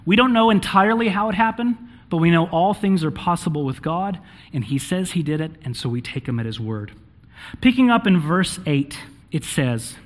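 A man's voice: on the high side, lively intonation, moderate pace. A married man preaching a sermon, reading scripture aloud and often checking in with the congregation with "okay?" between points. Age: adult, married. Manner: checks in with frequent "okay?", with fillers. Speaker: pastor.

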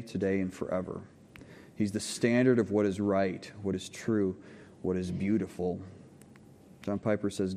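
A pastor with a lowish, dark-toned voice delivers a conversational teaching sermon, asking the congregation questions and checking in with many okays. The church recording has long hall reverb and a little hiss or hum.

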